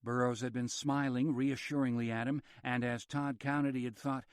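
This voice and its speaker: A man reads a horror audiobook at a measured, steady pace with a mid-range voice. The recording is dry and close-miked, with no room around it. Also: mid-range voice, smooth, dry recording. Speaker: audiobook narrator. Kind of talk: scripted narration.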